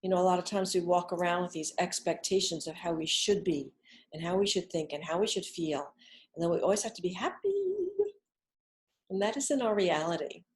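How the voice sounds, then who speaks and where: A middle-aged woman leading a gentle guided relaxation lesson, speaking softly and soothingly, with whispered exhales between instructions. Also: on the low side, fairly quick. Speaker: wellness instructor.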